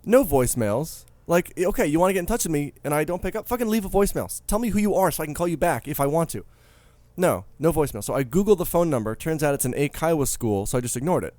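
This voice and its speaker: A man's voice: on the high side, lively intonation, fast, a little mellow, no room sound. A man in his thirties co-hosting a podcast in casual, joking, rambling chat. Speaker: podcast co-host.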